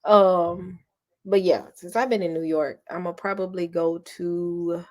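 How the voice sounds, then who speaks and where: A woman's voice: fairly low pitch, a little slow. A middle-aged woman, chatting casually with her live viewers. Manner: chatty, animated, addresses viewers as y'all. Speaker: vlogger talking to live viewers. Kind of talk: casual live-stream chat.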